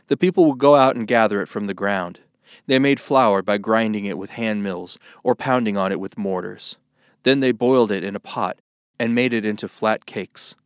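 A man reading scripture aloud in a steady, measured way. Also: fairly low pitch, clear, resonant tone, no echo, studio quality. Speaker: Bible reader.

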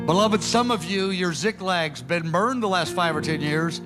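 A man preaching a sermon with passion, moving between loud urgings and soft, hushed prayer. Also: high voice, moderate pace, music in the background.

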